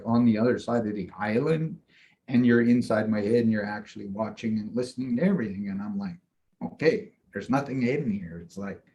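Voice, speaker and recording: Man telling a rambling story, lo-fi. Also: fairly low pitch. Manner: rambling, animated retelling with frequent "I'm like". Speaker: shaman and mentor. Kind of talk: casual storytelling in a conversation.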